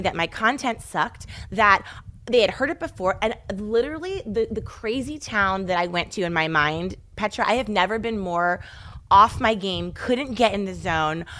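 A woman hosting a podcast interview, telling stories in an animated, emphatic way. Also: mid-range voice, moderate pace. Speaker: podcast host. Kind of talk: casual interview chat.

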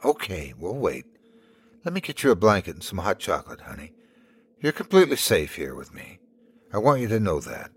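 A man voicing a gentle, lonely middle-aged woman who speaks softly and reassuringly. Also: lowish voice, sing-song, normal speed. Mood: cooing. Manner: soft, cooing, reassuring.

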